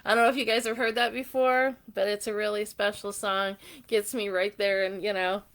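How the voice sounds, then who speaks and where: A middle-aged woman with a slightly hoarse voice, hosting a live jewelry sale, chatting casually and reading viewer comments. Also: medium pitch, level tone, normal speed, a bit bright. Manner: chatty and sentimental, reads viewer comments aloud. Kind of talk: casual live-stream chat.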